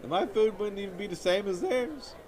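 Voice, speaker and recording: Whiny high-voiced man doing stand-up. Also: expressive, fairly quick. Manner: whiny, self-pitying storytelling. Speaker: stand-up comedian. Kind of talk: stand-up comedy monologue. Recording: audience laughter and background noise.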